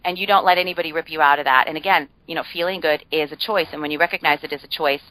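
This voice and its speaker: A woman's voice: low-pitched, steady tone, rapid-fire, pushed and bright, no room sound, poor audio. A woman guest on a podcast, explaining ideas in a chatty way with frequent fillers and playful humor. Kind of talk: casual podcast conversation.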